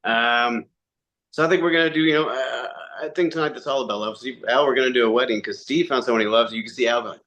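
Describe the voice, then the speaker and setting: A man, a podcast guest, telling animated stories in casual chat, acting out quotes and swearing freely. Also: medium pitch, fast. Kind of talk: casual storytelling interview.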